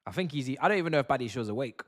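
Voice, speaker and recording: Bright-voiced young man ranting over football. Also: mid-range voice, racing. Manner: animated, slangy banter with chat. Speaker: watch-along streamer. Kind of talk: live football watch-along commentary.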